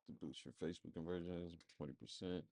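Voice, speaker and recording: The marketing agency presenter talks fast with fairly even intonation, his voice very low, dark and mellow. His screen-share walkthrough is loose, filler-laden thinking aloud, and the audio is dry and close with no echo from the room.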